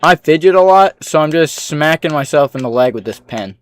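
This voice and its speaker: A man livestreaming, reading out chat comments with dry, sarcastic replies and low-key asides. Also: lively intonation, normal speed.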